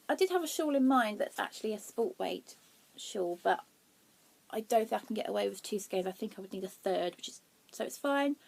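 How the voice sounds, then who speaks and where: A young woman hosting a knitting podcast, chatting casually and excitably, laughing at herself as she shows her yarn. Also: a little high, vocal fry. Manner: excitable, giggly, self-deprecating.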